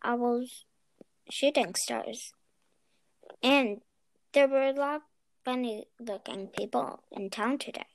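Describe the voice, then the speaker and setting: A woman's voice: a little high, slow pace, vocal fry, pauses often, a little hiss or hum. A woman doing a nervous, mumbling middle-aged man. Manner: mumbling, hesitant.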